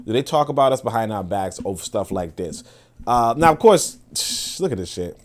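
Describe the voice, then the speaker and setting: A man's voice: lowish voice, expressive, moderate pace. A man hosting a live stream, rambling in casual commentary with lots of fillers and swearing.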